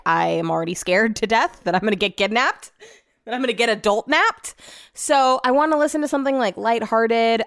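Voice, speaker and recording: A woman's voice: a little high, clean tone, dry recording, studio quality. A woman hosting a casual solo podcast, venting about her day and swearing freely as she rambles, recorded in her home office. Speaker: podcast host.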